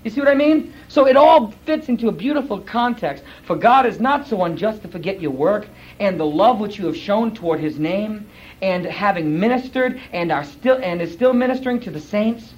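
A man, a pastor, giving sermon-style Bible teaching to a class. He is emphatic and animated, fires off rhetorical questions and acts out other people's voices. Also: sits high, normal speed. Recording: dull lo-fi recording.

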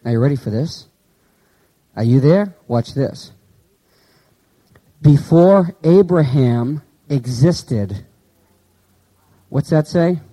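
A man preaching a sermon in a conversational way, asking his listeners questions and slowly reading out Greek words. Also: fairly high pitch, dark tone, rough recording. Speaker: pastor.

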